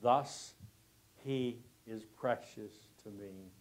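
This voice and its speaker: A man pastor preaching a sermon slowly, rising to loud emphatic passages and dropping to hushed, near-whispered phrases. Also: fairly low pitch. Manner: preaching with swells of loudness and drops to near-whispers; slow, deliberate delivery.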